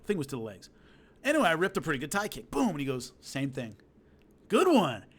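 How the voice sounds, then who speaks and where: A middle-aged man telling a casual story, animated and acting out hits with loud sound effects. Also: fairly high pitch, fast talker. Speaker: combat sports commentator telling stories.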